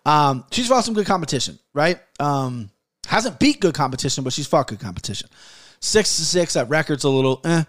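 A man's voice: on the high side, expressive, brisk, a bit bright. Profane fired-up man in his thirties. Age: 30s. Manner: heated, profane, rambling. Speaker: podcast host giving fight picks. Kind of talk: casual podcast rant and betting picks.

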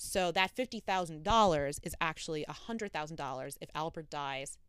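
Brief: young woman podcast host, smooth clear voice, casual true-crime narration, dry close mic. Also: sits low, moderate pace, fairly bright tone, dry recording. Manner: chatty storytelling with frequent fillers.

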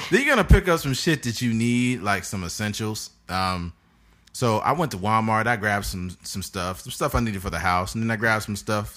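A man's voice: fairly low pitch, fairly bright tone. A man, hosting a podcast and telling a crude story in casual chat, laughing often. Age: 30s. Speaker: podcast host.

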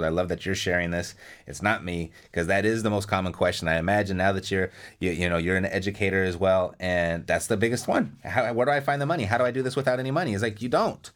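Low-voiced, agreeable man hosting a podcast. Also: steady tone, fairly bright tone. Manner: agreeable, quick affirmations, laughs along. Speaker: podcast host. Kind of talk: casual interview.

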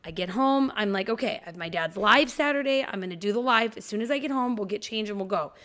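A woman's voice: medium pitch, lively intonation, fast talker, fairly bright tone. A woman in her thirties co-hosting a casual podcast, telling a story with plenty of swearing and acting out the people in it. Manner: swears freely, acts out quoted people when telling stories. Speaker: podcast co-host. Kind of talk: casual chat.

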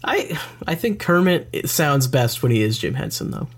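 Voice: medium pitch, very animated, normal speed, vocal fry, slightly rough. A podcast co-host in casual chat, joking with dry asides and swearing offhandedly.

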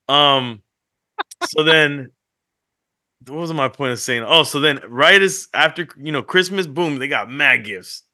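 Bright-voiced man telling family stories. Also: a little high, a little slow. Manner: animated storytelling, acts out family quotes. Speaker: podcast co-host. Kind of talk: casual chat.

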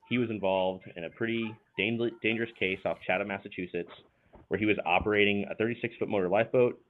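A man talking as a podcast guest in an earnest, measured way. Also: sits low. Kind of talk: casual chat and prepared explanation. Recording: tinny phone line.

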